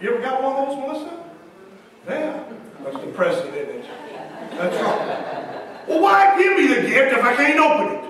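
A man's voice: very high voice, huge pitch swings, normal speed, long pauses, noisy background. A man preaching a folksy sermon to his congregation, chatting with members between passages. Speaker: pastor. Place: large church hall. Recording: echoey hall from far off.

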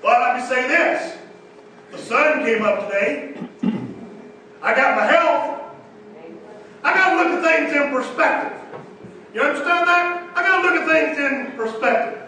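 A man preaching in a folksy, emphatic way, driving points home by saying them again and again. His voice sits very high and sounds bright and forceful. The sound is very echoey and heard from some distance away. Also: a little slow, long pauses, slight background noise. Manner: folksy, emphatic, repeats phrases. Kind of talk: sermon. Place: church meeting room.

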